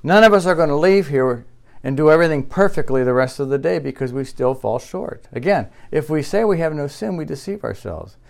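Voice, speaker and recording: A man preaching a sermon in earnest, building to loud, high passages and then dropping low and quiet, often restarting his phrases. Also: expressive, a little fast, gravelly. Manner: repeats himself and restarts phrases. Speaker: pastor.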